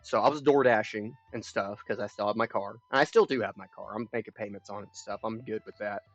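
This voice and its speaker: A man's voice: lowish voice, fast, no room sound, soft background music. Young man rambling on a dull stream mic. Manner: rambling, profane, frank. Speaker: live streamer. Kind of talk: casual storytelling chat.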